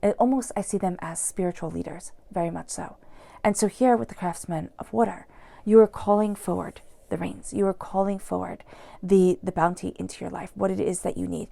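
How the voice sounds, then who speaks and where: A woman giving an earnest, soft-spoken tarot reading, sometimes dropping into a whisper. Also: fairly low pitch, fairly even intonation, brisk, creaky. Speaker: tarot reader.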